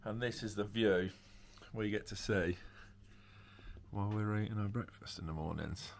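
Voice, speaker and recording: A man's voice: fairly low pitch, normal speed, gravelly, slight background noise. A young man from England with an English accent, talking casually and laughing often as he speaks straight to his viewers. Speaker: travel vlogger. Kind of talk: casual vlog chat.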